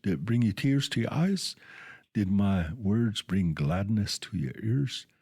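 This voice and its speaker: A scheming, possessive old toad mother from a storybook, voiced by a man reading aloud. The voice sits low and moves slowly and deliberately. The sound is close and dry. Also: big pitch swings, darkish tone, dry recording, exaggerated voice. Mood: eager. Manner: gruff and coarse when wailing.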